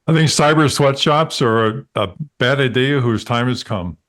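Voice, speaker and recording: A man's voice: mid-range voice, moderate pace, a bit bright. A man on a podcast, making wry, analytical remarks in a dry manner. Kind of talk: podcast discussion.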